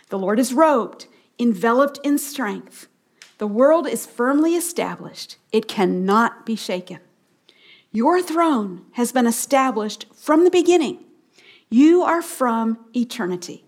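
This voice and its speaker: A middle-aged woman leads a radio Bible teaching, her voice on the high side. She has listeners repeat key phrases back to her in slow call-and-response.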